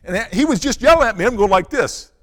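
A male pastor preaching a sermon built around a personal story, swinging from loud, animated passages to hushed, quiet ones. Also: high-pitched, quick pace. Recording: long reverb of a large hall.

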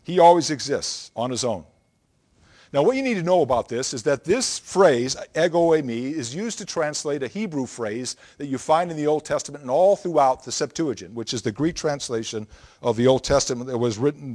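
A man's voice: medium pitch, lively intonation, brisk, a little mellow. A man preaching a Bible lesson, explaining scripture in an emphatic, teacherly way and often checking in with the listeners.

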